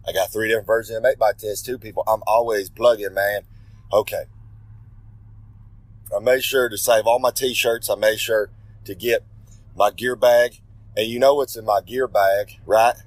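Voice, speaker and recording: A man's voice: mid-range voice, dry recording, low-quality recording. Male wrestler, cocky promo delivery, refers to himself in third person, dry close sound. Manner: brash, swaggering, talks about himself in third person; rambling, with self-corrections. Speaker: pro wrestler giving a regular segment.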